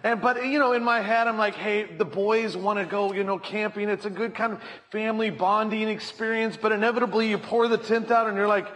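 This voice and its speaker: A man with a high, light voice preaches a sermon on a church stage, his light coming through. He tells stories and slips into the voices of the people in them. He speaks into a stage microphone. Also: steady tone, brisk, hardly any pauses, fairly bright tone. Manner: storytelling, acts out voices in anecdotes. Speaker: pastor.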